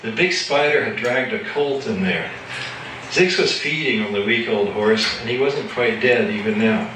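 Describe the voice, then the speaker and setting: A man's voice: medium pitch, normal speed, distant mic, noisy background. Man reading aloud in an echoey room. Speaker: author reading his own fiction. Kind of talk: live reading of a novel. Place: live reading at an evening gathering.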